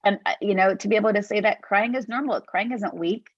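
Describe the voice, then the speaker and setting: A woman's voice: mid-range voice, a little fast, breathy edge, no echo. Reflective woman host, dull dry sound. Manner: open, reflective, earnest storytelling. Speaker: podcast host. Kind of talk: conversational interview. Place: home office.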